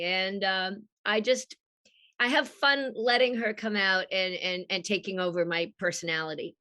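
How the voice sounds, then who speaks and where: A woman from Australia with a mid-Atlantic accent and a husky voice, an animated storyteller who laughs often, chatting as a guest on a video call. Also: medium pitch, measured pace. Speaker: guest voice actress. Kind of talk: casual interview.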